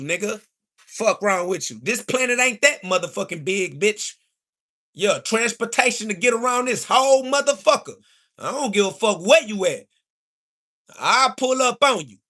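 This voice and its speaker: A man, ranting loudly and profanely at his livestream chat, mocking and trash talking into a phone. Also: sits high. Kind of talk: angry livestream rant.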